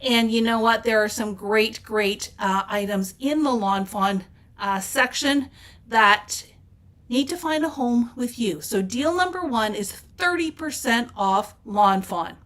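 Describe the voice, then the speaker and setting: A woman's voice: fairly high pitch, lively intonation, takes it slowly, a bit bright. A woman hosting a casual craft store update, chatty and upbeat, with plenty of fillers. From Canada. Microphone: off-camera mic with slides.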